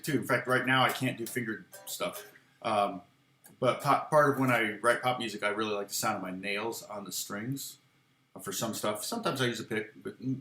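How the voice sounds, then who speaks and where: This is an American man teaching guitar casually from his home studio, wandering off on tangents and responding to viewer comments. His voice is medium-pitched with a sharp tone. The echoey recording carries guitar playing and a little hiss or hum.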